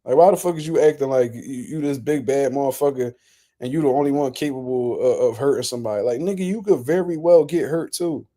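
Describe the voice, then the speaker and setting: Blunt profane man ranting, mellow voice. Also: mid-range voice, brisk. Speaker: boxing commentary host. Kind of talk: casual reaction commentary.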